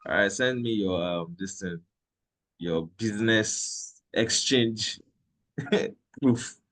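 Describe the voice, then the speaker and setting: Male trading instructor, low voice, chatty, repeats himself, checks in often. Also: slow, a bit bright. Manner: conversational, repeats points, checks in with "okay?". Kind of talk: live trading lesson.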